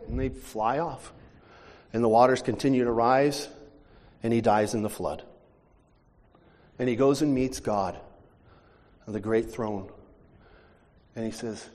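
Male pastor giving a sermon, medium pitch, storytelling with lots of restarts, long hall echo. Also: takes it slowly, pauses often. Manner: animated storytelling with repeated restarts. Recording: long church hall reverb.

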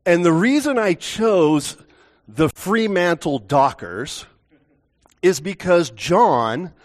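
A male pastor opening a sermon in a church, joking and chatting with the congregation before the teaching. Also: on the high side. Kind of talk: relaxed sermon with banter.

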